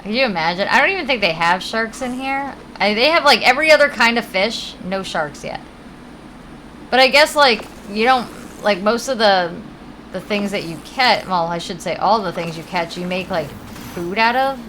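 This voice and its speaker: Her medium-pitched voice is expressive and a bit bright at a moderate pace, though the rough recording has a little hiss or hum. A Connecticut-accented game streamer, she chats and rambles as she plays, reading chat aloud and swearing occasionally.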